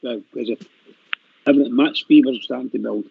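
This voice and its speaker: Man, upbeat co-presenter, quick, dull hissy audio. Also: mid-range voice, vocal fry. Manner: upbeat, rousing. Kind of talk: rallying sign-off. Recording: dull lo-fi line with faint hiss.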